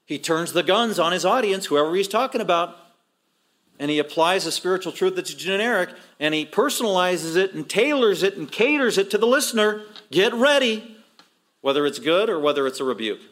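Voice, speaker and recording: A man's voice: high-pitched, animated, a little fast, a bit bright. A middle-aged male pastor preaching an expository sermon, acting out quoted voices with emphatic rises.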